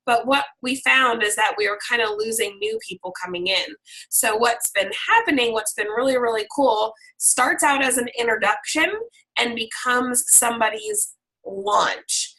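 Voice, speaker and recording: A hoarse woman leading her sales team on a video call, talking in a chatty, upbeat and loose way. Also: on the high side, moderate pace, a bit bright, rough recording. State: hoarse, frog in throat.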